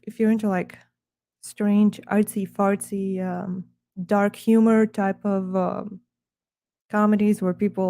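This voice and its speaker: A woman's voice: mid-range voice, mellow, no echo. A woman chatting casually on a live stream while she draws, rambling and talking to herself in murmured asides.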